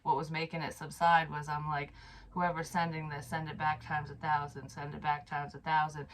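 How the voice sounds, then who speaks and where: A woman's voice: deep voice, level tone, normal speed, a little hiss or hum, poor audio. A woman psychic medium telling a personal story to camera in a casual, frank way, swearing freely, sighing and trailing off mid-sentence.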